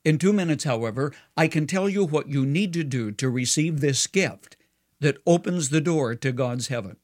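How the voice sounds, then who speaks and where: A man delivers a short devotional commentary for radio. His pitch sits fairly high, and he speaks in an earnest, measured, persuasive way. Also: expressive, darkish tone.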